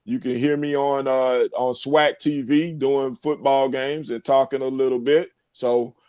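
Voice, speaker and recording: Male guest from New Orleans, relaxed and friendly, dry mic. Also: medium pitch, unhurried, clear, resonant tone, no room sound. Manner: easygoing, says "man" and "y'all". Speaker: guest, sports talk host. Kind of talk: casual sports talk.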